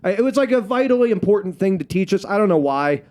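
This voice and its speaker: A man from the United States chatting on stage as a comedian, joking about himself in a wry, deadpan way. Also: high voice, fast. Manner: wry, deadpan self-mocking humor. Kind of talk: casual panel chat on stage.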